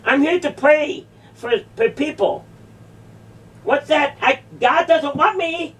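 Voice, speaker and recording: A woman's voice: high voice, slow pace, a bit bright. A woman in a heated confrontation in a church, incredulous and repeating her questions again and again. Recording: voice distant from the mic.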